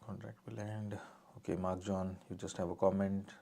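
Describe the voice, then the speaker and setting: A man's voice: sits low, little pitch movement, moderate pace, gravelly, warm tone. A man answering viewer questions on a live stream as an immigration adviser, reading each one out and then answering plainly and directly.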